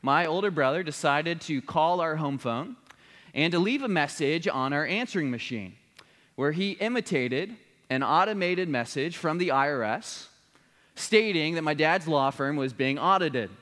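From the pulpit, a man whose voice sits a little high for a man preaches a sermon, earnestly telling a family story that builds to a solemn appeal. He's animated and a bit bright at a moderate pace, and a large church hall's long reverb trails his words.

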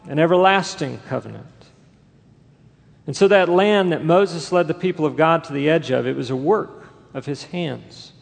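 A man preaching a sermon as pastor, emphatic and building to forceful bursts. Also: fairly high pitch, vocal fry, big-room sound.

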